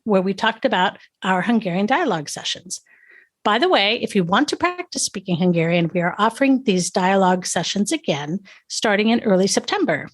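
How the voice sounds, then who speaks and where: Casting: woman podcast host, friendly, upbeat, conversational. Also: mid-range voice. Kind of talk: casual podcast chat.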